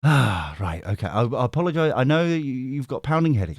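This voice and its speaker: Male stream host, casual and chatty, bouncy pitch, dry close sound, laughs and swears freely. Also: very animated, fairly quick, a little mellow, dry recording. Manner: chatty, laughs often, swears, reads chat aloud. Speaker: tarot reader and stream host. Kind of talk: casual live-stream chat.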